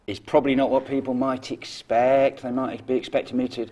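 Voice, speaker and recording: A man's voice: mid-range voice, flat delivery, a little fast, over a noisy crowd. A man, a comedian guest, chatting in a rambling way with lots of fillers. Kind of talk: casual chat.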